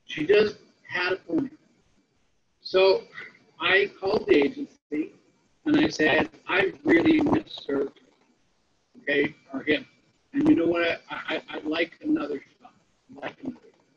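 A man's voice: very high-pitched, very animated, measured pace, creaky, pauses often, noisy background. A man speaking on a webinar about disability support, telling a story and often checking in with "okay?". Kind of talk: storytelling talk. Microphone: online call audio. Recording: muffled lo-fi webinar audio.

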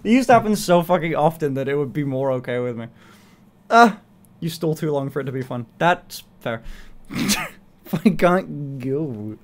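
A man's voice: on the high side, a little slow. A young man streaming, chatting casually in a playful, swearing way and laughing often. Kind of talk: casual livestream chat.

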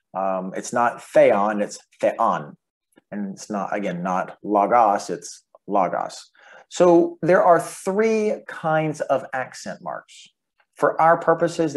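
A man teaching a relaxed, folksy lesson on Greek letters and marks, with chuckles and restarts. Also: on the low side, vocal fry. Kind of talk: casual instructional lesson.

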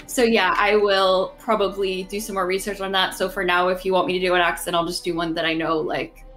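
A woman's voice: fairly low pitch, flat delivery, a little fast, a bit bright, faint music behind. A woman player on a video call, explaining her views in an earnest, careful and thoughtful way. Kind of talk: casual chat on a game call. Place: online group video call. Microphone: home computer mic on a video call.

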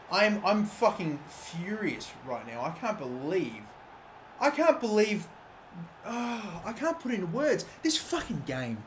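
Excitable gamer, swearing at the match. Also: male voice, high voice, slight background noise. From Australia. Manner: excitable, swears, shouts at the game. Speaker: gaming YouTuber. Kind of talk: live gameplay commentary.

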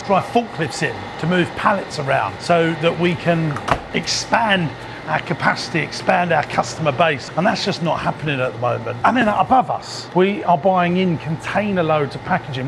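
A man giving a chatty, enthusiastic walking tour of his ice cream factory, sometimes dropping his voice low. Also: creaky, noisy background. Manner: chatty, enthusiastic, drops to a whisper at times. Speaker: business owner vlogger.

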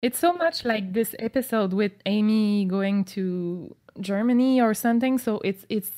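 A woman's voice: medium pitch, animated, darkish tone. Blunt woman on a podcast. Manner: blunt, quick backchannels. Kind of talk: casual chat.

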